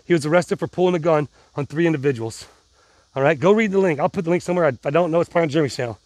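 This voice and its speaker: A man's voice: fairly high pitch, racing, darkish tone, no room sound. A middle-aged man vlogging casually to his viewers, rambling and restarting, pumped up on adrenaline. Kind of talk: casual vlog talk to viewers.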